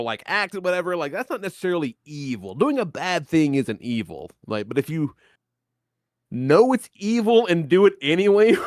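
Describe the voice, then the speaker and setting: A man's voice: a little high, no echo, clean studio sound. A man with a Southern US accent, co-hosting a podcast in casual, laughing, profane chat. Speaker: podcast co-host.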